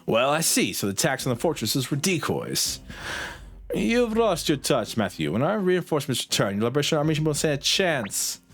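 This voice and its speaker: A man's voice: fairly high pitch, big pitch swings, moderate pace, a bit bright, heavily acted. A man reading a stern, proud old general. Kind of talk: reading game dialogue aloud on stream.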